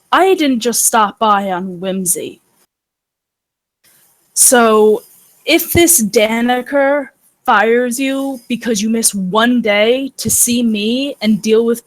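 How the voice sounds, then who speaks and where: Woman, tabletop player in character, earnest, measured, slow pace, dry sound. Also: a little high, dry recording, low-quality recording. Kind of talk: in-character tabletop role-play.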